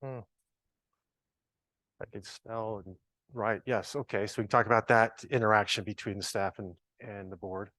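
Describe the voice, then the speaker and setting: A man's voice: fairly low pitch, steady tone, moderate pace, long pauses, a bit bright, no echo. A man leading an informal training workshop, chatty and joking, thinking aloud as he works with the audience. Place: large ballroom with a live audience.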